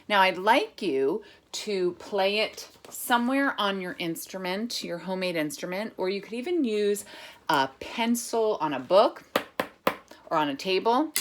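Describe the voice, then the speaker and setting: A woman music teacher reading a picture book aloud to children, chanting words in a steady rhythm and giving patient, step-by-step instructions. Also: mid-range voice, background noise.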